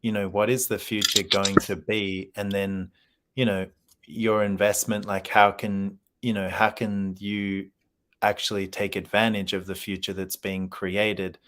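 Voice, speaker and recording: A man co-hosting a casual conversation, telling stories in a relaxed way with plenty of fillers. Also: on the low side, measured pace. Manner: relaxed storytelling with many fillers.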